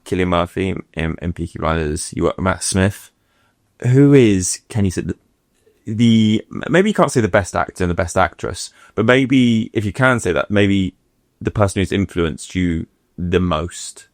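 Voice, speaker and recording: A man's voice: low voice, normal speed, no echo, clean studio sound. A man hosting a podcast, asking a guest questions and rephrasing them as he goes. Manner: hesitant, rephrases his questions. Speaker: podcast host. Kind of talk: casual interview questions.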